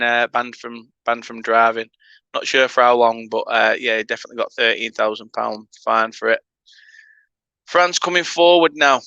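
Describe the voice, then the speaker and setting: A man's voice: mid-range voice, pushed and bright, clean tone, no echo. A man with a northern English accent hosting a casual football watchalong, chatting with viewers between play-by-play remarks. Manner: chatty banter with viewers, laughing asides. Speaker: fan channel host.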